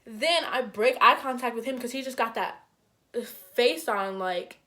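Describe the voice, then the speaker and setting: A young woman telling a storytime vlog in casual chat, acting out quoted lines with big jumps in her voice and lots of "like" fillers. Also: a little slow. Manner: animated, acts out quotes with big pitch jumps; frequent "like" fillers, conversational. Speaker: vlogger.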